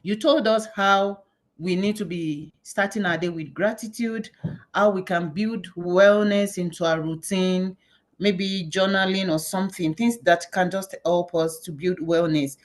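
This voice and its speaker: Animated woman moderating a panel. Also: on the low side, a little slow. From Nigeria. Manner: animated, self-mocking storyteller. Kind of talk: conversational panel facilitation.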